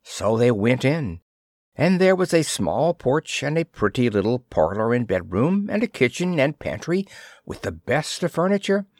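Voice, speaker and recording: A man narrates a fairy tale at an unhurried pace, his pitch rising and falling expressively. The recording is close and dry, with no room sound. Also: no room sound. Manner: measured, expressive storytelling. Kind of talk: fairy tale read aloud.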